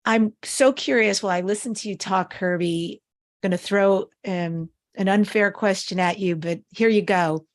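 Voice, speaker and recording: A woman's voice: medium pitch, normal speed. A woman hosting a podcast interview asks curious questions and answers her guest with encouragement. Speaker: podcast host. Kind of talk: interview conversation.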